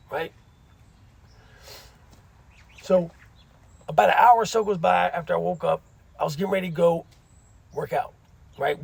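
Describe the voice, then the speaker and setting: A man's voice: sits high, creaky, breathy edge, no room sound. A middle-aged man casually telling a story from his time in prison, using street slang and frequent asides.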